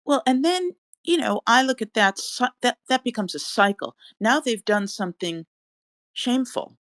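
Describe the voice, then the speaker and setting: A woman hosting an interview, speaking in a halting conversational way with many fillers. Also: on the high side, lively intonation, fairly bright tone, no room sound, clean studio sound. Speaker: interview host.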